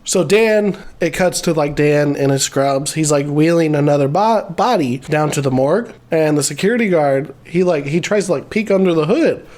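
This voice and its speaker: A man with a slightly high voice recaps a film in loose, everyday chat. His talk is rambling and full of swearing, broken up by chuckles. It sounds offhand and unscripted. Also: expressive, moderate pace, hardly any pauses, a little mellow. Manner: profane, laughing, rambling retelling. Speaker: movie reviewer.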